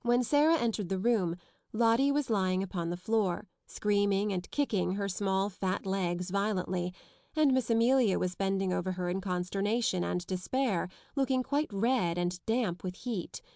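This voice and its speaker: A woman narrating a classic children's novel in a measured storytelling voice. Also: mid-range voice, darkish tone, no echo, clean studio sound. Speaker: audiobook narrator. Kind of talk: scripted narration.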